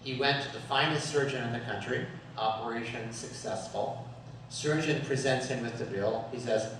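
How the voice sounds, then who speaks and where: A man's voice: mid-range voice, moderate pace, a bit bright, slight background noise. A man giving a humorous talk as guest speaker at a Sunday service, storytelling with jokes and frequent chuckles. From USA. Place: worship hall. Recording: echoey hall from far off.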